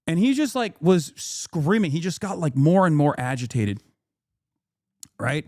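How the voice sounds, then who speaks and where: A male streamer rants in loose, profane casual commentary, circling back over his points. His voice sits a little high for a man. The sound is close and dry. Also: sing-song, normal speed, darkish tone, dry recording. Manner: profane, rambling, indignant.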